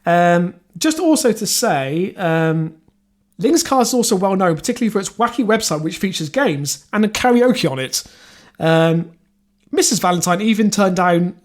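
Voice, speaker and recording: Male podcast co-host, high voice, halting news reader with lots of ums. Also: expressive. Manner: reads quotes aloud, halting with fillers and restarts. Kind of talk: casual comedic podcast chat.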